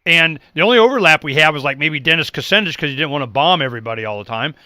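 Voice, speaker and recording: A man's voice: a little high, expressive, very fast, sharp tone, no room sound. A middle-aged man hosting a political talk show, speaking emphatically and acting out the people he quotes. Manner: emphatic, acts out quoted people, repeats words when worked up.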